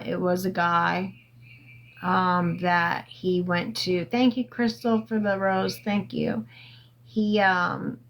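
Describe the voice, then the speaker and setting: A woman talks into her phone on a casual livestream, drawling her way through a long story at an unhurried, lazy pace. Her pitch sits in an ordinary middle range. She rambles and stalls on fillers, and she swears freely. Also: fairly bright tone, rough recording. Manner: rambling, halting with many fillers, profane. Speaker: livestream host.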